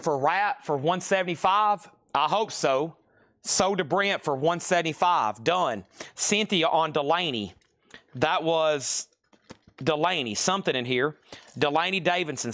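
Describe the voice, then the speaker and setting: A record shop's live-stream sale is hosted by a man whose voice is a little high and a bit bright. He reels off album titles and prices, exclaiming whenever a rare find turns up.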